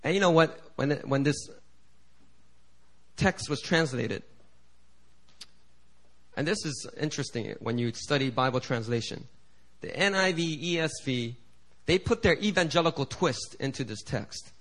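A middle-aged man preaching a sermon as pastor. He swings from quiet asides to loud, climbing appeals and acts out the prayers he quotes. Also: on the high side, lively intonation, unhurried, long pauses. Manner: preaching with big swings in volume, building to shouted climaxes; acts out quoted voices and prayers in shifting tones.

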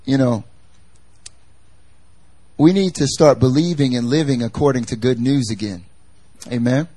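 A man's voice: medium pitch, a little slow, dark tone, no room sound. A male pastor giving a conversational sermon in a chatty, emphatic manner, repeating his key phrases for effect. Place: church service.

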